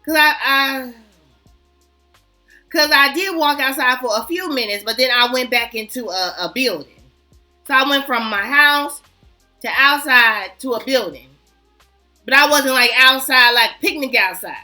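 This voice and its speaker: A woman fragrance vlogger chatting casually to her viewers, animated and self-mocking. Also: high-pitched, unhurried, pauses often, soft background music. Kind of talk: casual chat to camera.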